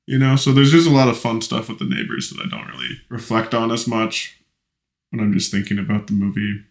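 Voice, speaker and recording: A man's voice: fairly low pitch, animated, fairly quick, vocal fry, echoey room. A young man co-hosting a podcast, easygoing and swearing casually as he chats. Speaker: podcast co-host. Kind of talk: casual chat.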